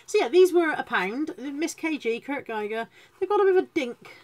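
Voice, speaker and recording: A woman's voice: high-pitched, lively intonation, normal speed. A woman chatting casually to viewers on a live stream, self-deprecating and greeting people as she goes. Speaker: reseller hosting a live stream.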